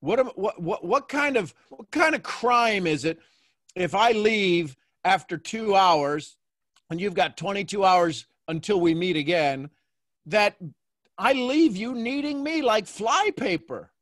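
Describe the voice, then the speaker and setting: A man hosting a coaching call, talking in a playful, animated way and acting out little quotes. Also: sits high, unhurried, no room sound, studio quality. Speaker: host and mentor.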